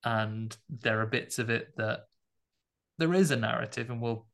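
A man with a gravelly, fry-touched voice talks through a film for a podcast. He is measured and thoughtful, weighing how general audiences will take it. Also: medium pitch, a bit bright. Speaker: podcast co-host, film critic. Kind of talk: casual film review chat.

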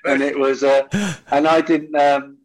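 A middle-aged man, a guest on a podcast, recalls his career in a reflective, unhurried way, pausing often on ums and uhs. His voice sits at an ordinary mid pitch. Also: little pitch movement, over a noisy crowd, rough recording. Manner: reflective, hesitant with frequent ums. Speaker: guest, former footballer. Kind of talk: interview storytelling.

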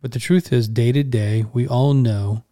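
Earnest man with a mellow voice. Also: mid-range voice, moderate pace. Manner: earnest, repeats phrases for emphasis. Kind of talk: casual talk with scripture.

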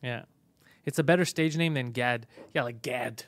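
A man's voice: mid-range voice, moderate pace, fairly bright tone, no room sound. A man hosting a podcast in casual chat, laid-back and self-mocking, swearing freely. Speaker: podcast host.

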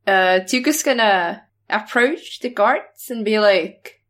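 A woman's voice: medium pitch, lively intonation, slow, a bit bright. A woman playing a tabletop role-playing game, talking casually and hesitantly with fillers. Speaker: player. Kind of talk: tabletop role-play, in character and out.

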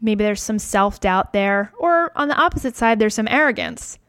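A woman teaching a relaxed talk on chakras, calm and reflective, often checking in with the listener. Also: medium pitch, normal speed, no echo, clean studio sound.

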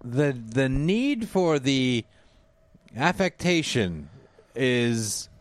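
A man and father, co-hosting a casual music podcast, blunt and quick to swear. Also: medium pitch, very animated, no echo. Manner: blunt, swears a lot when annoyed. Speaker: podcast co-host. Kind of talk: casual music review chat.

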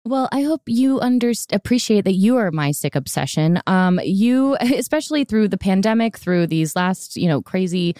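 A woman's voice: medium pitch, animated, warm tone, dry recording, clean studio sound. A woman in her thirties hosting a podcast in casual, bubbly chat, laughing easily. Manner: bubbly, chatty, quick to laugh. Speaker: podcast host.

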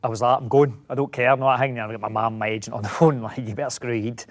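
Fast-talking Scottish man telling stories. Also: medium pitch, fairly even intonation. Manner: rambling anecdotes full of restarts. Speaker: actor, interview guest. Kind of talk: casual interview storytelling.

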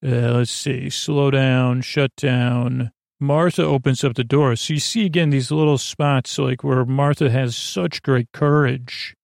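A man hosting a podcast, casually recapping an episode in a rambling, halting way with lots of filler sounds. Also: medium pitch, fairly even intonation, creaky, darkish tone, no room sound, clean studio sound. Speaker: podcast host.

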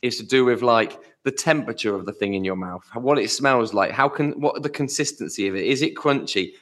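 A man co-hosting a podcast in casual chat, rambling and trailing off quietly at the ends of phrases. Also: medium pitch, fairly quick. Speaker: podcast co-host.

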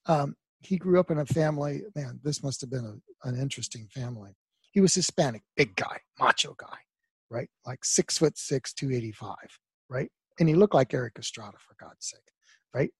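A man talking as a therapist on a talk show, telling a client story with emphatic bursts that trail off into quiet asides. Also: fairly high pitch, slightly rough, no echo. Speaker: guest therapist. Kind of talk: conversational interview talk.

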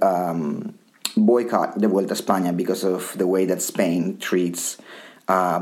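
A man's voice: fairly low pitch, a little mellow. A man from Colombia co-hosting a podcast, rambling in casual chat with frequent restarts and casual swearing. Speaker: podcast co-host.

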